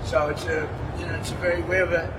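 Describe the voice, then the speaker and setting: Man, politician, rambling, repetitive, high voice, off-mic. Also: little pitch movement, fast. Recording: distant mic with vehicle noise.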